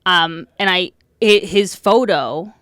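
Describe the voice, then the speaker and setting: A woman's voice: lowish voice, slow, fairly bright tone, no room sound. Giggly young woman telling a story. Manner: giggly storytelling, laughs a lot. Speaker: podcast co-host. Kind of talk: casual chat.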